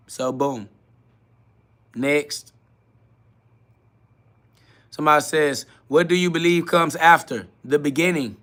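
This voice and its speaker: A man's voice: on the high side, takes it slowly, long pauses, a bit bright. A man hosting a live solo podcast, reading chat questions aloud and answering them bluntly, mocking the askers and laughing often. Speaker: podcast host.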